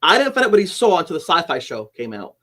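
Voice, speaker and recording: A middle-aged man with a fairly high voice recounts a personal experience as a podcast guest. He talks quickly and acts out the dialogue, stumbling and restarting as he goes. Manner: animated storyteller who acts out quoted dialogue, with frequent restarts. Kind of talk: personal storytelling in a podcast interview.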